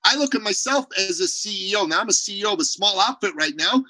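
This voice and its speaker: Guy on a video call podcast, high voice, punchy and blunt, no room sound at all. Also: fast, dry recording, poor audio. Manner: emphatic, blunt, animated storytelling. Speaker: podcast guest, business owner. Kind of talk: energetic interview talk.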